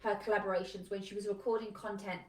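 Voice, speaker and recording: A woman business coach giving an energetic, emphatic live talk, chatty and full of "like". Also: mid-range voice, quick pace. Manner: energetic, emphatic, conversational with lots of "like". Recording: echoey room, a bit far from mic.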